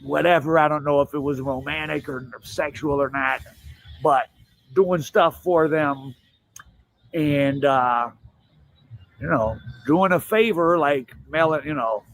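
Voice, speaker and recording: A man's voice: on the high side, slow, a bit bright. A man hosting commentary in a casual, rambling and hesitant way.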